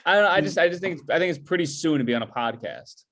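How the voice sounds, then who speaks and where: A man with a slightly high voice chimes in on a podcast with short, dry, sarcastic remarks. Faint noise and clicks sit under his voice. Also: lively intonation, fast, fairly bright tone. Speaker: podcast co-host. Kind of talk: casual chat.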